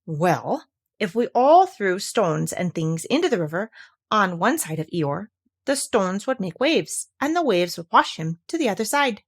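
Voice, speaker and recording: Sweet slow teddy bear guy, soft and unsure, trailing off, a lady voicing him. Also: medium pitch, sing-song, breathy edge, full character voice. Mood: gentle. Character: gentle, slow-witted male teddy bear.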